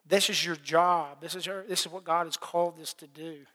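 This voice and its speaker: A man's voice: a little high, steady tone, normal speed, pushed and bright. A middle-aged man preaching a plainspoken sermon, telling his own story with folksy repeats and little laughs. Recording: long hall reverb.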